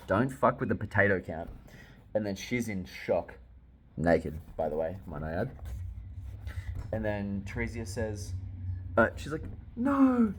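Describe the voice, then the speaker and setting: A young man reviewing a manga chapter in casual reaction talk, excitable and swearing, often laughing. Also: fairly low pitch, a little slow, long pauses, a little hiss or hum.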